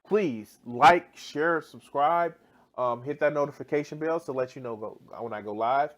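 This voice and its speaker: A man's voice: a little high, moderate pace. A man ranting in a reaction video, exasperated and heavily profane, often restarting mid-sentence. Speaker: video commentator.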